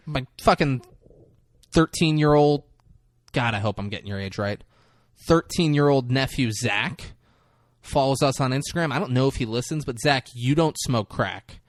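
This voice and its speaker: Give me a young man doing a profane, animated movie recap on a podcast, dry sound. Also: medium pitch, moderate pace, dry recording. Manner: profane, animated storytelling with acted quotes. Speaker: podcast co-host.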